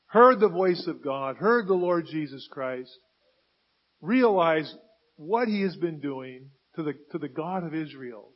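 A man preaching a sermon, emphatic and building to loud, stressed bursts. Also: on the high side, expressive, unhurried, highs cut off.

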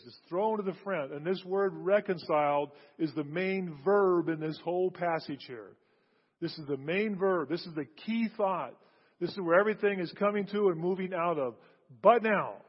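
A man preaching a sermon to a gathered audience, emphatic, repeating key phrases and swinging between hushed and loud delivery. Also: fairly high pitch. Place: large hall with an audience. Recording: dull lo-fi recording with long hall reverb.

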